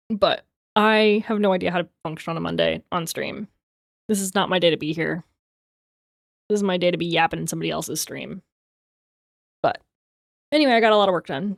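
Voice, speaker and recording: A young adult woman livestreamer in rambling, casual chat, quick to laugh. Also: fairly low pitch, vocal fry, no echo, studio quality.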